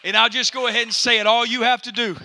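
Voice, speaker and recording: Male pastor preaching in church, high sharp voice, drops an uh between every phrase. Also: little pitch movement, quick pace, a little hiss or hum. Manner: preaching with an 'uh' between phrases, building to shouts. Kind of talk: sermon. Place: church sanctuary during a service.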